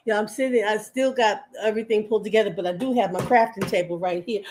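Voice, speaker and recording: A woman's voice: mid-range voice, quick pace, hardly any pauses, darkish tone, a little hiss or hum. An older woman hosting a live crafting stream, chatting in a rambling, homey way with viewers and her pet.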